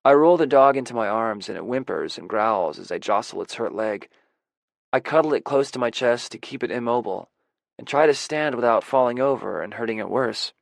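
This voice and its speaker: A man narrating a first-person audiobook in a measured, introspective way. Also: mid-range voice, animated, creaky, no echo. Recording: dry close audiobook recording.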